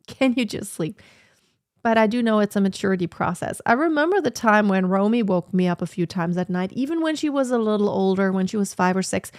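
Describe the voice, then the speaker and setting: A woman's voice: mid-range voice, lively intonation, quick pace, hardly any pauses, no echo, clean studio sound. A woman in her thirties chatting casually and reflectively on a sit-down livestream from her home office, with lots of fillers. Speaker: vlogger.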